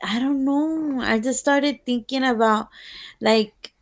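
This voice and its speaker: Slow, gravelly Latina podcast co-host. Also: female voice, high voice. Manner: candid, profane, switches into Spanish. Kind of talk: casual chat.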